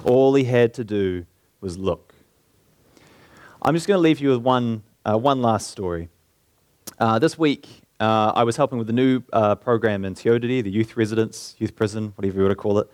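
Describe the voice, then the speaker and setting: A man preaching a sermon in an earnest way, slowing down and lifting his voice to stress key points. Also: fairly low pitch, a little mellow, no room sound. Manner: earnest, slows down and lifts his voice for emphasis.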